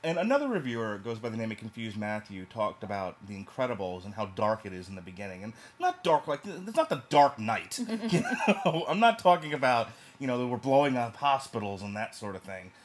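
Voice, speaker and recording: A man's voice: medium pitch, animated, brisk, few pauses. A man from New York casually reviewing a movie, talking emphatically and rambling with restarts.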